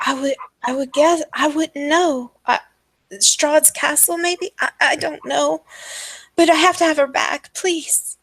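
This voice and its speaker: A woman's voice: sits high, steady tone, measured pace, a bit bright, dry recording, pitched above the performer's own voice. A woman voicing a frantic, grieving village mother who stammers and pleads over and over. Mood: pleading, distraught. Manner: stammering, pleading, repeats herself.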